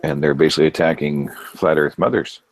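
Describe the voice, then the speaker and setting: A man's voice: extremely low pitch, steady tone, fairly quick, rough recording. A man on an online panel, talking in an easygoing, agreeable way. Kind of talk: casual group chat.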